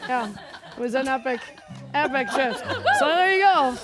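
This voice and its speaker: A woman guest singer-songwriter telling stories in a chatty, animated way, laughing often, on a live talk show. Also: high voice, normal speed, over loud music, over a noisy crowd.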